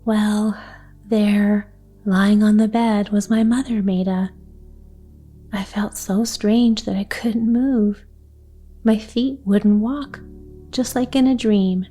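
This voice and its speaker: A woman reading the part of an excitable little girl in a storybook, eager and breathless. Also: medium pitch, slow pace, pauses often, faint music behind.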